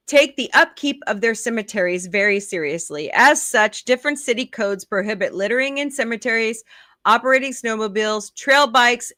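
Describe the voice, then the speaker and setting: A woman host in casual chat, reading odd news items aloud with quick asides and laughs, a little sleepy and yawning. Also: medium pitch, bright, forceful tone, no echo, clean studio sound.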